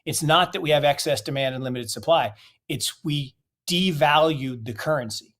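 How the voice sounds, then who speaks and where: A man's voice: a little high, normal speed, fairly bright tone. Emphatic middle-aged man in an interview. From United States. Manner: emphatic, rhetorical questions, blunt. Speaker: investment guest. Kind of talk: interview answers.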